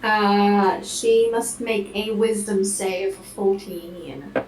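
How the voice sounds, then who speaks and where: A woman playing a tabletop game, speaking hesitantly and pausing to think. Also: mid-range voice, fairly even intonation, a little mellow, roomy sound, distant mic, poor audio. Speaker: player.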